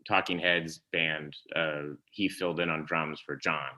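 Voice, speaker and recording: A man's voice: rumbling low, measured pace, poor audio. A man in his forties, a podcast guest, telling stories casually and slipping into impressions of people. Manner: animated storyteller, slips into impressions of people. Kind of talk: casual chat.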